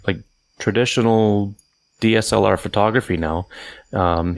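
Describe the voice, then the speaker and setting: Male podcast co-host, deep and gravelly, rambling casual talk. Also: no echo. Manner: rambling, many fillers and restarts. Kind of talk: casual chat.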